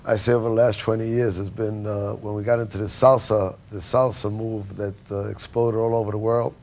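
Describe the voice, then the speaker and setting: A man speaking as a guest in a TV interview, answering in a halting way with frequent pauses and fillers. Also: on the low side, flat delivery, a little mellow. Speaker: guest, record company president.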